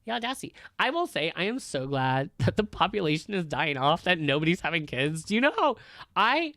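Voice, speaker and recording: Casual ranting teacher, man, smooth clear voice, dry close sound, candid and profane. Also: on the high side, very animated, fairly quick, sharp tone, no echo. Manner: candid, blunt and profane, filler-heavy. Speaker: high school teacher.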